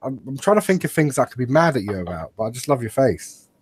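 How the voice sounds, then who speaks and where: Over a noisy background, a young man with a British accent talks fast at medium pitch, his voice swinging widely in pitch. He's co-hosting a relaxed podcast, full of profanity and mocking jabs at his mates.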